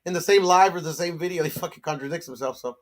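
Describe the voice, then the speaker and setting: A man's voice: fairly high pitch, fast talker, a crowd in the background. A man co-hosting a boxing talk show, talking in a laid-back, casual way, swearing often and calling others "bro". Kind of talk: casual chat.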